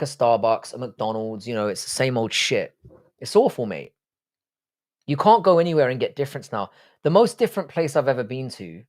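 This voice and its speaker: A man's voice: mid-range voice, a little mellow. A middle-aged man with a posh English accent, hosting a casual live stream with rambling, sweary chat. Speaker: livestream host.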